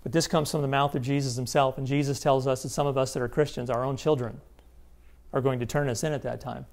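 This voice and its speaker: Gravelly man teaching a sermon seminar. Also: mid-range voice, fairly even intonation, fast, darkish tone. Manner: emphatic, checks in with listeners. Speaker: Bible teacher.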